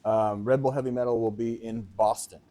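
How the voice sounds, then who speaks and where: A man from Massachusetts co-hosting a podcast live in front of an audience, chatting casually and breaking into loud, profane mock rants. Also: medium pitch, fairly even intonation, fairly quick. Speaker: podcast co-host and snowboard commentator.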